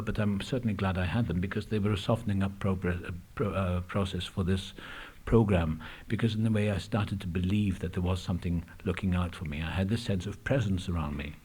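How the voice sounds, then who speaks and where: Low husky man sharing his story. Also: brisk, hardly any pauses, warm tone. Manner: reflective, candid, many hesitations. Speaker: AA speaker. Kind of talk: personal recovery talk. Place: meeting room.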